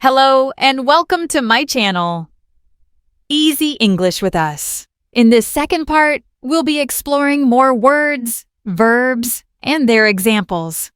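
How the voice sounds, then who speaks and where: A woman leads a beginner English lesson in a raised, slightly high voice. She speaks very slowly and clearly, repeating each word for listeners to copy. The sound is dry and close, with no room echo. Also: expressive, fairly bright tone. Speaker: English teacher.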